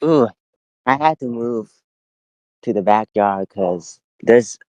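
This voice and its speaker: Outdoors in his backyard at home, a young man co-hosts a casual podcast chat, speaking in a laid-back, thoughtful way full of fillers. His voice is fairly low, animated and a little mellow, he takes things slowly, and there's no room sound.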